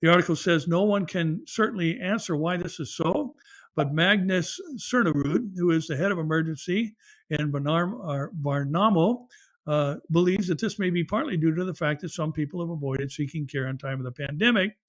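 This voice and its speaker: A man's voice: fairly high pitch, moderate pace. A middle-aged man, a pastor hosting a news commentary show, who reads articles aloud with fillers and asides.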